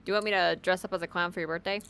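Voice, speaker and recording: A woman's voice: lowish voice, steady tone, racing, gravelly, fairly bright tone, smooth, no room sound. A woman co-hosting a casual podcast, teasing and laughing often. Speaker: podcast co-host.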